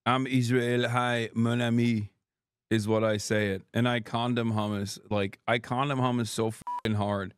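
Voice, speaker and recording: A man's voice: medium pitch, flat delivery, a little slow, clean tone, no room sound. A man hosting a livestream, reacting to news in a casual, sarcastic, profane, joking way. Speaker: streamer host.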